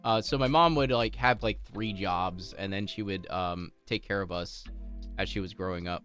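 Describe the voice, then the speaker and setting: A man's voice: deep voice, normal speed, a bit bright, smooth, faint music behind. A man streaming from home, chatting casually with his viewers, rambling through stories with lots of laughter and restarts.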